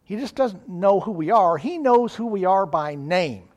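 A man preaching a sermon, earnest, rising in emphasis and slowing down on key phrases. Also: high-pitched, lively intonation, darkish tone.

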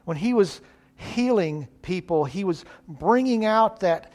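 A man's voice: sits high, animated, measured pace, a little mellow. A male preacher, giving an earnest, folksy sermon.

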